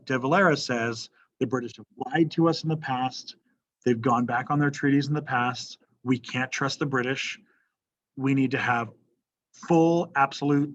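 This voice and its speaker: A man's voice: medium pitch, a bit bright, lo-fi sound. Casual man lecturing a history class. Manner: casual, checks in with "right?" often. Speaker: history teacher.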